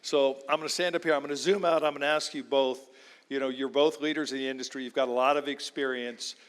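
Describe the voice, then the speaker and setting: A man's voice: medium pitch, fairly even intonation, fast talker, fairly bright tone, smooth. Brief: male panel moderator, friendly and orderly, hall reverb. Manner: friendly, orderly, directing the session.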